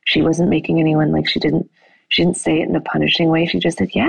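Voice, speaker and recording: Husky, gravelly woman telling a story. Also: sits low, quick pace, no room sound, rough recording. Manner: animated storytelling, acting out quoted voices. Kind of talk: casual conversation.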